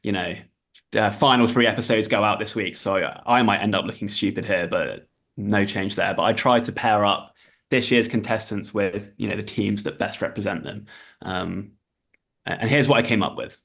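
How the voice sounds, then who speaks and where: A man's voice: lowish voice, normal speed, gravelly, a bit bright. A man co-hosting a casual podcast, reading out a prepared list with dry asides. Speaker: podcast co-host.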